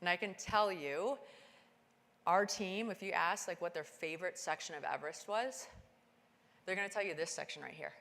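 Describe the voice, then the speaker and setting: A woman giving a keynote talk, telling a climbing story and acting out the dialogue with lively, animated delivery. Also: normal speed. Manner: animated, acts out dialogue with big pitch jumps. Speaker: keynote speaker. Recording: long hall reverb.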